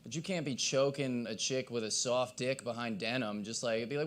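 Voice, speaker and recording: A man doing a stand-up set at an open mic, with a hoarse, cracking voice and a rambling, self-deprecating delivery. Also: mid-range voice, brisk, hardly any pauses. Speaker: stand-up comedian. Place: live open mic in a coffee shop.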